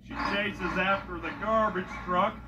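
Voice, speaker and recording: A comedic joke teller with a punchy delivery who shouts each setup line before the punchline. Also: medium pitch, fairly even intonation, a little slow, lo-fi sound, very noisy.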